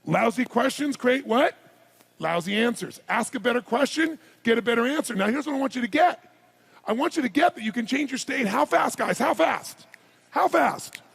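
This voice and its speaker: A man giving a live seminar address as a motivational speaker, firing rapid questions and commands at the audience. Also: very high voice, expressive, fairly bright tone. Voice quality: gravelly, husky voice.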